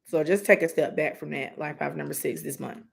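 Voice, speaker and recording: A woman's voice: deep voice, fairly quick, creaky. A woman doing a live intuitive reading, giving earnest, direct advice with many asides. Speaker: psychic reader.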